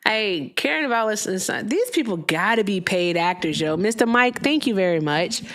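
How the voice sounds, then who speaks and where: A woman hosting a live call-in show, talking bluntly and sarcastically and cutting callers off quickly. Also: mid-range voice, expressive, a bit bright. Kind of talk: casual live-stream chat.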